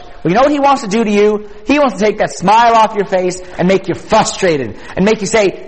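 Man, high-pitched, youth retreat sermon, energetic, conversational, keeps asking the crowd questions, long hall reverb. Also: brisk, few pauses.

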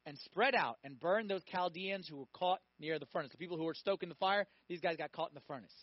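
A man's voice: fairly high pitch, fast, dry recording, dull audio. A man preaching a sermon, telling stories animatedly, acting out voices and asking the audience questions.

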